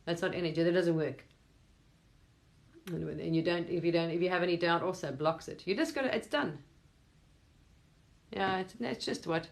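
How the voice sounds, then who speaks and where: A woman's voice: on the low side, moderate pace, gravelly, pauses often. A woman, talking to her viewers in a rambling, emphatic monologue, swearing casually now and then. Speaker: spiritual vlogger.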